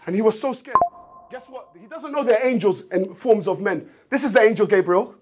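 A man telling a rambling comic story, animated and repetitive, sometimes breaking into shouts. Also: high-pitched, a little fast, a little hiss or hum. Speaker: streamer in a therapy skit.

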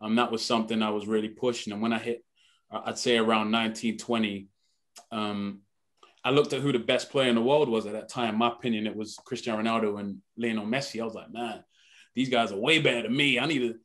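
A man's voice: fairly low pitch, fairly even intonation, fast. A young man, a guest on a radio morning show, talking earnestly and animatedly, often saying "man". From United Kingdom. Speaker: actor guest. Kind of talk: casual radio interview. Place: radio studio.

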